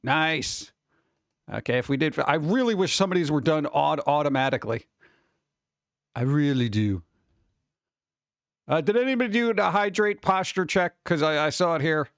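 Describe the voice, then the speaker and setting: A man hosting a livestream, chatting casually and rambling excitably with viewers, often laughing. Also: on the high side, normal speed, long pauses, no room sound. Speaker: livestream host. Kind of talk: casual chat with live viewers.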